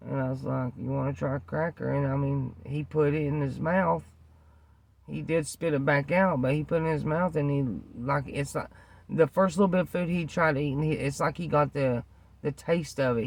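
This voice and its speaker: A man's voice: fairly high pitch, gravelly, dry recording. A man earnestly tells a rambling personal story to the camera, repeating himself and using many fillers. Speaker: vlogger telling a personal story.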